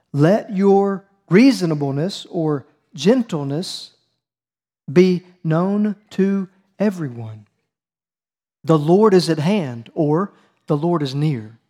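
A man's voice: fairly high pitch, animated, slow, long pauses, warm tone. A man preaching a teaching sermon, reading scripture and calling on his listeners to answer aloud. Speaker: preacher leading a Bible study.

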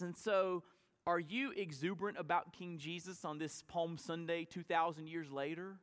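A man preaching a sermon to his congregation as pastor, swinging from quiet asides to shouted emphasis. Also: a little high, a little slow. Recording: long church hall reverb.

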